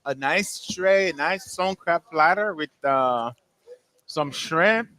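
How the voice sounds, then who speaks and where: A man who owns the restaurant, greeting guests and listing dishes in a friendly, soft-spoken way. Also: on the high side, slow. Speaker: restaurant owner. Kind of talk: casual chat.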